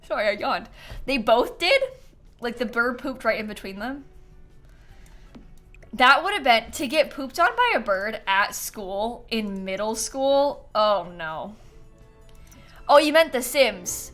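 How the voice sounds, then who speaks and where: A woman's voice: on the high side, animated, slow pace, long pauses, a bit bright, faint music behind. A woman livestreaming a game, chatting casually and telling stories with frequent laughter. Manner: chatty storyteller, laughs often. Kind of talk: casual gameplay stream chat.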